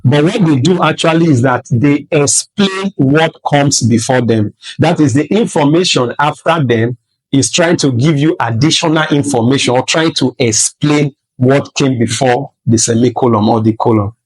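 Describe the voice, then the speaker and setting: Guy teaching a class, keeps saying "all right?" and going back over stuff, mid-pitched voice. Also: slightly rough, rough recording. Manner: checks in often with rhetorical "All right?" and "Do you understand?"; repeats and rephrases points slowly for emphasis. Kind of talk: classroom-style lesson.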